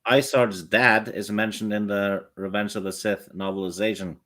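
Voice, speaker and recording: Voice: deep voice, little pitch movement, moderate pace, a bit bright. A co-host in a casual chat, chiming in with short remarks and fan trivia. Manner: brief interjections, fan trivia.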